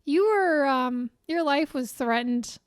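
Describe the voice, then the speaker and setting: A woman's voice: high-pitched, lively intonation, slow, no room sound, studio quality. A young woman co-hosting a podcast, teasing her co-host with crude jokes in casual chat.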